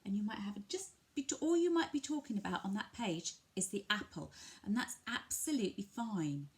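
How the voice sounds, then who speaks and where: An English woman from a family centre explains to parents how to share a picture book, talking gently and patiently and switching to a bright sing-song voice when modelling words. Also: mid-range voice, animated, a little fast. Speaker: family centre early language worker. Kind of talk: instructional talk to parents, demonstrating a picture book.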